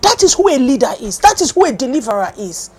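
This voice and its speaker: A woman preaching a sermon, swinging from loud cries to hushed tones. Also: high-pitched, big pitch swings, fast talker, slight background noise. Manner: impassioned, swinging from loud cries to near-whispers.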